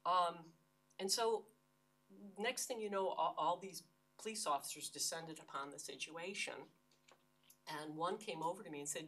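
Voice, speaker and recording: Heard from a distance in a lecture hall, an older American university lecturer speaks earnestly and emphatically, frequently restarting phrases. Her voice sits on the low side, with a moderate pace and a fairly bright tone.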